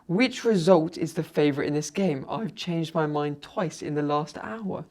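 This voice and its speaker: A man hosting a cricket podcast, introducing guests and reading out listener questions in a measured way. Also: fairly high pitch, a little mellow. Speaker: podcast host.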